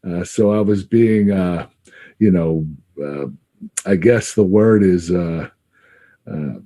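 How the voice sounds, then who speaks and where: A man in his fifties recalling his wrestling days in an interview. His voice is low and mellow, and he laughs often, pausing on fillers as he searches for words. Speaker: retired pro wrestler, guest. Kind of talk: interview answers.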